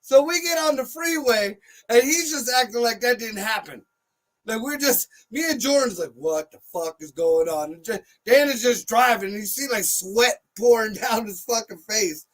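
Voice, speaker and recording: A man telling a profane comic story on a talk show, loud and animated, acting out what others said. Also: very high-pitched, normal speed. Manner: animated, loud, swears heavily, acts out quotes.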